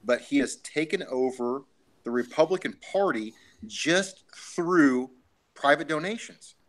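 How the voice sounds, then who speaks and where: A man's voice: fairly high pitch, expressive, unhurried. A man hosting a podcast in casual chat, loose and joking as he urges listeners to donate. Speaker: podcast host.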